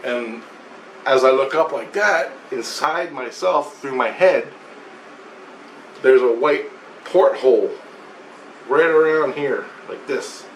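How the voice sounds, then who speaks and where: With a mid-range voice, a man speaks slowly and leaves long pauses while vlogging about a spiritual vision. He rambles, curses often, and repeats and restarts his sentences; the audio has roomy echo and faint background noise.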